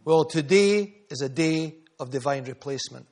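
A man's voice: a little high, moderate pace, a little mellow. A man preaching a sermon, fervent and rhythmic, calling out members of the congregation by name. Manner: rhythmic repetition, builds in volume.

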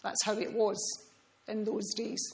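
A woman preaching a sermon in an earnest, reflective way, often dropping to soft, hushed tones. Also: mid-range voice, little pitch movement, a little slow, creaky, poor audio.

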